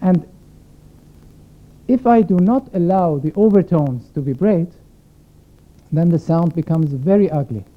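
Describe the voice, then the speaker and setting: Before playing, a male concert violinist addresses the audience with a reflective, explanatory introduction that includes questions for them. His voice is on the high side and expressive, with a measured pace and long pauses, recorded with a thin, phone-like sound.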